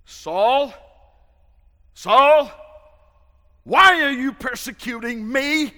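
A preacher voicing a commanding male voice from heaven, in loud, ringing calls. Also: very high-pitched, very slow, voice pushed up, exaggerated voice. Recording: long hall reverb.

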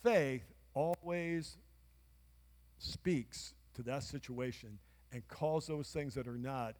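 A man's voice: mid-range voice, takes it slowly, darkish tone. A man pastor preaching a sermon in a church, emphatic, with call-and-response to the congregation. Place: church sanctuary. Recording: long church hall reverb.

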